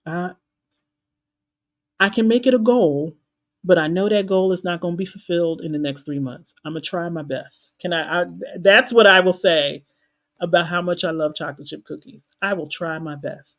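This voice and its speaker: A woman's voice: lowish voice, moderate pace. A woman life coach hosting a motivational live stream, talking candidly and casually to her viewers and laughing at herself now and then. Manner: casual, colloquial talk to viewers.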